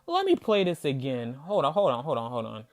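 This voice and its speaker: The host of this sports reaction video talks briskly in a medium-pitched voice that swoops wildly. He delivers a furious fan rant, profane and incredulous, mocking what he sees and saying things over again for emphasis.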